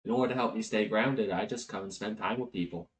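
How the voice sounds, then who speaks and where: A man's voice: on the low side, fast, natural voice, poor audio. A man voicing an easygoing male archangel of winter, friendly and preachy, in a tabletop game. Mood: lecturing. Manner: friendly, then lecturing.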